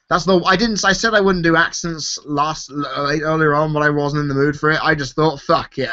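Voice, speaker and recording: A worn-out man runs a casual live-stream Q&A, his voice a bit high and sharply bright. He swears easily and laughs a lot. The stream audio sounds dull and lo-fi. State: tired. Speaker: YouTube host answering viewer questions.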